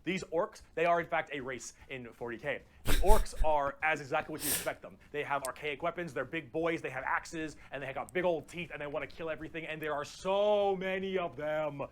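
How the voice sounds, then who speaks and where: A man giving casual, excitable, jokey explainer commentary, swearing freely. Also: fairly high pitch, brisk, a little hiss or hum. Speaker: explainer of a video being reacted to.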